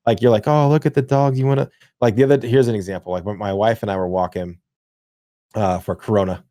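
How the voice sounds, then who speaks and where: A man's voice: on the low side, quick pace, no echo. Rambling, profane man on a podcast. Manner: rambling, profane, animated storytelling. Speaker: podcast co-host. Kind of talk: casual gaming podcast chat.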